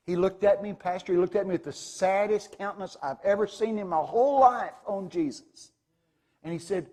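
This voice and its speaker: A man preaching a sermon, retelling a vision in a dramatic, animated way with sudden loud exclamations. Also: sits high, fairly quick. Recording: long hall reverb.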